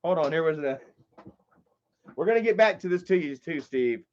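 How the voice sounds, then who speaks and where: On a laid-back stream, the host works through viewer chat at a moderate clip, swearing freely and swinging between shouting and quiet grumbling. The sound quality is flat and low-fidelity.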